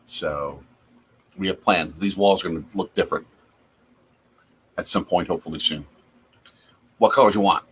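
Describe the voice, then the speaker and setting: A man's voice: low voice, moderate pace, pauses often, breathy edge. A man from Wisconsin hosting a casual live chat over a football game from his home basement, reacting aloud to plays. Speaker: host.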